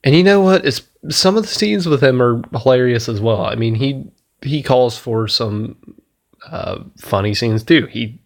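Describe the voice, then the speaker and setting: A man giving a casual spoken movie review, rambling and swearing enthusiastically as he retells scenes. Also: lowish voice. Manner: rambling, profane, enthusiastic, laughs at his own retelling.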